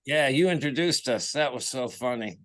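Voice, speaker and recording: A man's voice: medium pitch, lively intonation, moderate pace, a bit bright. A man who is a guest musician, chatting casually in a laid-back, easily amused way. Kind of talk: casual chat.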